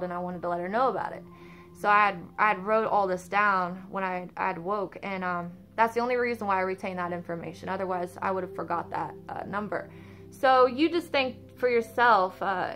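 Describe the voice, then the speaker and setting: A woman casually telling a personal story about an out-of-body experience, animated and informal, with lots of fillers and casual swearing. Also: mid-range voice.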